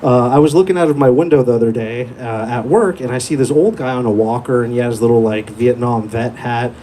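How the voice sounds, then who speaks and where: A young man working a stand-up set in a small club, swearing freely and telling stories at an easy, laid-back pace. His voice is dark and mellow, held close on a handheld mic. A faint hum of room noise sits behind him. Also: mid-range voice, brisk. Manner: crude, profane, laid-back storytelling. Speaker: stand-up comedian.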